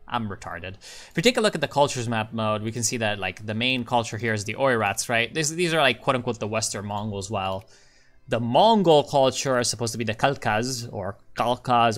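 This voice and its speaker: A man's voice: medium pitch, fairly bright tone. Rambling, swearing man on game commentary. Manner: rambling, muttering, swears when frustrated. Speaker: gaming channel host.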